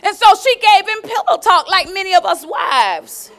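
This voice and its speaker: A woman's voice: extremely high pitch, lively intonation, normal speed, fairly bright tone, shouting. A woman preacher delivering a sermon, emphatic and calling out to the congregation.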